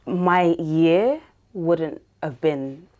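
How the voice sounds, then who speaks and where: A podcast host, a woman whose voice sits a little low. She talks in a casual, animated way, laughing as she tells stories. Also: extremely slow. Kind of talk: casual interview chat.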